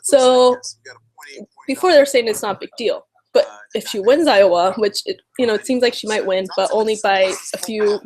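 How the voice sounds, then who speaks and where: A political vlogger talks casually to camera, her medium-pitched voice moving at a normal speed over poor audio. She sounds nervous, exasperated and animated, mocks others by putting their words in quotes, and leans heavily on fillers like "um" and "you know."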